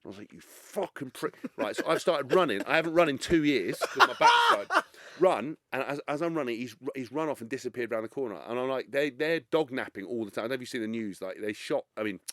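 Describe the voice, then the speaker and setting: A man telling a story as a podcast guest, talking quickly and swearing freely. He acts out what other people said in voices of their own. The sound is dry and close. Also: mid-range voice, big pitch swings, a bit bright, no room sound. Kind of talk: casual storytelling chat.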